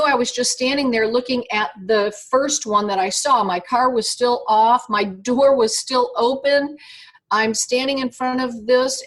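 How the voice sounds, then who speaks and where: A woman with a fairly high voice tells her story to an interviewer over an internet call. Her speech is animated and halting, full of fillers, restarts and stops to collect her thoughts. It sounds like a video-call connection. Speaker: interview guest.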